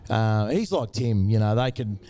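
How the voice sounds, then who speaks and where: Laid-back Aussie bloke, mellow voice. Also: male voice, lowish voice, expressive, normal speed, clean tone. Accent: Australian. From Tasmania, Australia. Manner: laid-back, says mate a lot. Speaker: guest, former cricketer. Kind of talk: casual interview storytelling.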